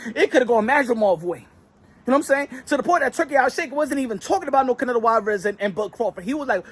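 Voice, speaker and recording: A man hosting a casual boxing commentary vlog, animated, slangy and joking. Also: extremely high pitch, quick pace, husky, no room sound.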